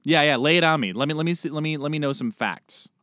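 A man co-hosting a podcast in casual chat, animated and joking, with quick asides. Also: fairly high pitch, dry recording, clean studio sound. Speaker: podcast co-host.

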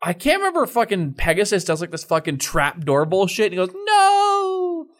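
Young man, podcast co-host, excitable, swears a lot, slightly high voice. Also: fast. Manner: excited, profane storytelling with put-on quotes. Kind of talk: casual chat.

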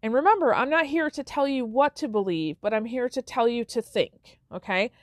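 A woman's voice: on the high side, moderate pace, dry recording, clean studio sound. A woman hosting a self-help podcast, talking casually and checking in with listeners with frequent "okay?" and "right?". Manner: conversational, with everyday examples. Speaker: podcast host.

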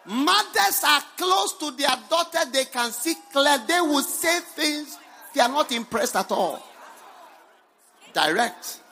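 A man, a bishop preaching a sermon to a congregation, emphatic, with bursts of shouting, laughter and repeated phrases. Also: very high-pitched, lively intonation, takes it slowly, gravelly, faint music behind. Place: church hall with congregation.

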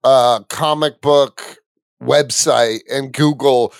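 A man guesting on a casual podcast, loud and boisterous in his talk. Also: medium pitch, steady tone, slow, vocal fry, clean tone, dry recording, studio quality. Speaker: guest, comedian. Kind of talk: casual chat.

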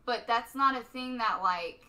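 A young adult woman in casual chat, talking fast and loose with lots of fillers and the odd swear word. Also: on the high side, sharp tone.

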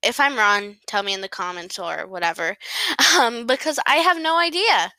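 Giggly, bright-voiced woman. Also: a little high, moderate pace, dry recording. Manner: giggly, self-deprecating, apologetic. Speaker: podcast host recapping a novel. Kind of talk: casual rambling book recap.

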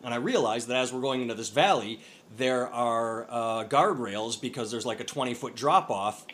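A man with a mid-range voice, speaking at normal speed, co-hosts a podcast and tells a long, rambling story in casual chat. He's an animated storyteller who swears and keeps restarting his sentences. The audio comes over a phone or computer call.

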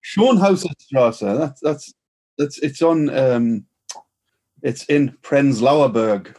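A man's voice: medium pitch, slow, mellow. A man co-hosting a podcast, chipping in short, agreeable replies during a casual chat. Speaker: podcast co-host.

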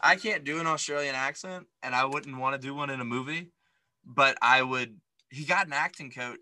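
A man's voice: mid-range voice, normal speed, no room sound, rough recording. A man co-hosting a podcast, recapping a movie in casual, opinionated chat full of fillers. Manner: opinionated, animated, lots of fillers. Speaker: podcast co-host.

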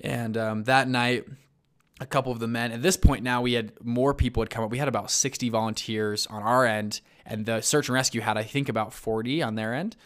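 A man telling a story in a casual interview, lively, with lots of fillers and restarts and acted-out quotes. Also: mid-range voice, fairly quick. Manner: animated, many fillers and restarts, acts out quotes. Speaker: guest recounting a search-and-rescue story.

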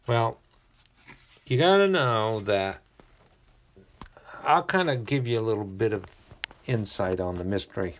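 A man teaching from the Bible in an informal, talky way, slowly stressing key words and stopping to look up verses. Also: fairly low pitch, animated, lo-fi sound. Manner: reads scripture aloud, pauses to find verses.

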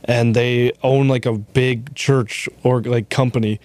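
A man's voice: mid-range voice, steady tone, a little slow, a little mellow, no room sound. A young man chatting casually about movies, laid-back and swearing freely.

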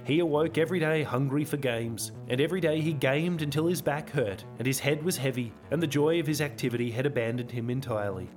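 Aussie guy reading his own audio novel, dry measured delivery, mid pitch, soft music under. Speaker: author and narrator. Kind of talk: audiobook narration.

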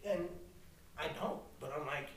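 Young man, podcast co-host, crude and animated, somewhat high voice, roomy echo, off-mic. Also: a little slow, far from the mic. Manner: crude, animated, swears constantly. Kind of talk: casual storytelling chat.

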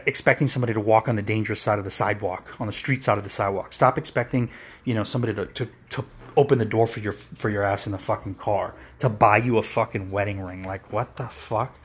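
A man's voice: fairly low pitch, fast, husky. A man hosting his own podcast, delivering a heated, profane, rambling solo rant full of restarts. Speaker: podcast host.

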